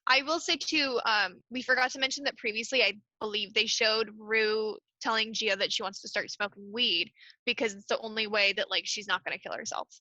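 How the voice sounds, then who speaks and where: A woman co-hosting a podcast, recapping a TV episode in animated casual chat full of "like". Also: medium pitch, fairly quick, dry recording, dull audio. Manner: animated, gushing, lots of "like". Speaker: podcast co-host.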